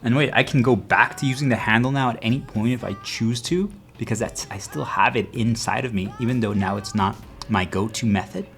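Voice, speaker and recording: A man's voice: fairly quick, a bit bright, soft background music. Earnest man giving a motivational talk. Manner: earnest, repeatedly checking the audience follows; acts out quoted voices with sudden pitch jumps. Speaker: motivational speaker.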